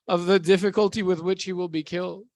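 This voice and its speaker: A male preacher voicing a sorrowful prophet speaking gently and gravely to his family, within a sermon. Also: high-pitched, fairly even intonation, fast, no echo, voice pushed down.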